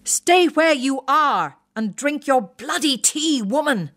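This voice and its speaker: A woman voicing a blustering, exasperated retired military man with a plummy English accent, bellowing slow, emphatic commands. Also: high-pitched, animated, a bit bright, pitched above the performer's own voice, full character voice.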